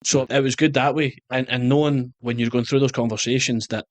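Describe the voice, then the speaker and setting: Scottish man, fast storytelling. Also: medium pitch, no echo. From Scotland. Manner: animated anecdotes, jumps into quoted voices. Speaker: guest, soccer coach. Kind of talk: casual interview storytelling.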